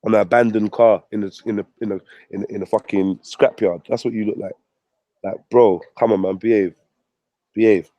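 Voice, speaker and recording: A man's voice: on the low side, fairly even intonation, fairly quick, no echo, highs cut off. A man ranting on his channel, mocking and swearing at a rival. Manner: profane, mocking, combative. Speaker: vlogger. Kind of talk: ranting commentary.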